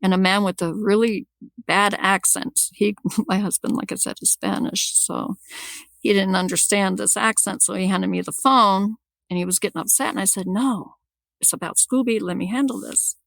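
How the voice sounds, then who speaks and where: A woman guest recounting something that happened to her, talking in a gravelly, creaky voice. She often restarts and repeats words mid-thought. The sound is close and dry. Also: medium pitch, flat delivery, moderate pace, fairly bright tone, no room sound. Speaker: podcast guest telling her story. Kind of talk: personal storytelling.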